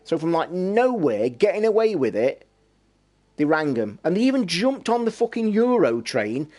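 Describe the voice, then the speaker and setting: Casting: man with an East Midlands Derbyshire accent, fairly high voice, loose sweary storyteller hosting a chatty live stream. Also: very animated, normal speed, darkish tone. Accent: East Midlands English (Derbyshire). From Derbyshire, England. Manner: sweary, rambling storyteller who laughs a lot. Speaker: livestream host. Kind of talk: casual chat with stream viewers.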